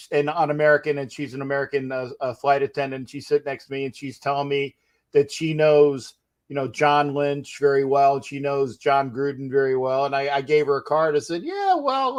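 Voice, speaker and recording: Brief: male talk-show host, slightly high voice, loose and halting chat with many restarts. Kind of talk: casual interview chat.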